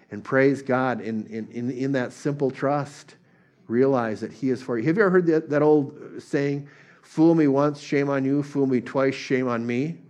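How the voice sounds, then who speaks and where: A middle-aged male pastor delivering a sermon. His voice sits at an ordinary middle pitch, and his delivery is earnest. He often lets it fall quiet and gentle. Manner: earnest, drops to soft gentle tones when voicing God.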